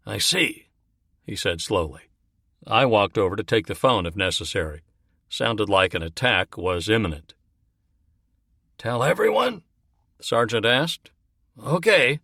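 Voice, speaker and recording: A man voicing an excitable army sergeant whose voice jumps high when agitated. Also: breathy edge, no room sound, studio quality, exaggerated voice. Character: excitable male soldier sergeant.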